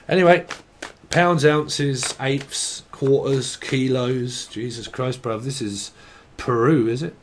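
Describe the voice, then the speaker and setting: A man from the north of England gives a loose tarot reading, hopping from word to word in a rambling flow. He swears freely and laughs often. His voice sits at an ordinary middle pitch. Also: fairly even intonation, takes it slowly, a little hiss or hum. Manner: rambling, sweary, free-associating on words. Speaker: tarot reader. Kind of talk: casual channelled tarot reading.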